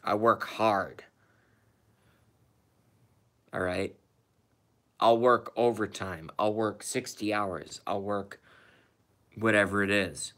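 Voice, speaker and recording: Slow, forceful ranting man. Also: on the low side. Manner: profane, rambling, emphatic. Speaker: streamer. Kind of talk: ranting casual monologue.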